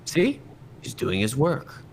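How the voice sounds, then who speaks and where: A man doing a tall, half-drunk official who owns every room he walks into, with a deep, low voice. He drags his words out slowly and drops into menacing half-whispers. It plays like a tabletop game scene with a faint hiss behind it. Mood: smug.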